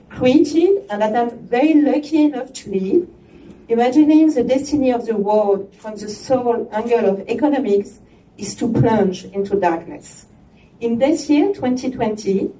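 A woman with a French accent gives an opening speech in a mellow, fairly high voice, slipping in chatty asides. She is heard from far off in an echoey room over a faint hiss. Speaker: chairperson of an arts organization. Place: gallery opening event.

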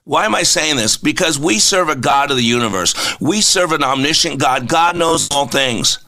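A man hosts an inspirational faith program, preaching in a bright, fairly high voice. He stacks rhetorical questions and repeats phrases for emphasis. Soft music plays faintly beneath him. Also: lively intonation, moderate pace. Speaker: radio host and preacher. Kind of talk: inspirational Christian radio talk.

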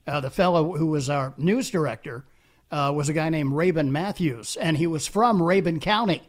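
A man's voice: on the high side, moderate pace. A man hosting a radio talk show, reading texts and taking calls in a friendly, upbeat way.

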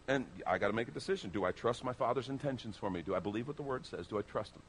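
A man's voice: fast, hardly any pauses, husky. A man pastor delivering a sermon, speaking emphatically and persuasively to his congregation. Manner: animated, emphatic preaching with sweeping pitch.

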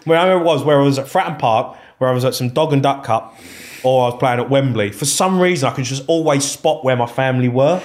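A man, a former footballer telling stories in a casual interview, animated and swearing freely as he acts out old conversations. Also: mid-range voice, fast.

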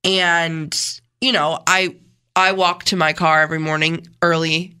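A woman co-hosting a morning radio show, talking in an animated, emphatic, earnest way. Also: low-pitched, unhurried, smooth. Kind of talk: casual radio chat. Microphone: studio microphone.

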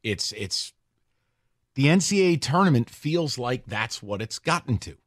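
A man co-hosting a sports talk podcast, opinionated and lively, posing questions to listeners. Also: medium pitch, unhurried, no room sound, clean studio sound. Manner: animated, opinionated, rhetorical questions.

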